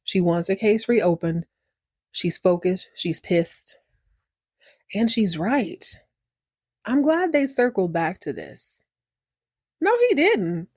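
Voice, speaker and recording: A woman's voice: fairly high pitch, breathy edge, dry recording, studio quality. Chatty, opinionated woman podcaster. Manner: chatty and opinionated, acts out characters' lines, laughs and reacts loudly. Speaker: podcast host recapping a TV series. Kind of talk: casual chat.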